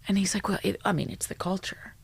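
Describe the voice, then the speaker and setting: Gravelly woman, blunt animated storyteller. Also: medium pitch, fast. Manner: animated, blunt storyteller who swears freely. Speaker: psychologist guest. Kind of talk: storytelling in a podcast interview.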